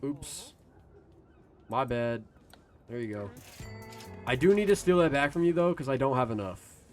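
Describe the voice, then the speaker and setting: A man's voice: medium pitch, expressive, a little slow, darkish tone, soft background music. A man streaming a video game live, rambling to his chat in a loose, casual way and swearing freely. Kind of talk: casual gaming stream commentary.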